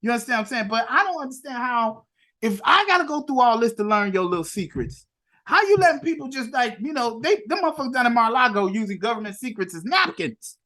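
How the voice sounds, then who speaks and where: A podcast co-host in casual chat, animated and rambling, with lots of restarts. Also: medium pitch, quick pace.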